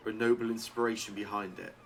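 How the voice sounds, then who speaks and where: A man's voice: fairly low pitch, steady tone, quick pace, slight background noise, close to an everyday voice. A man doing a stately town mayor. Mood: stern, gracious. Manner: formal, stately.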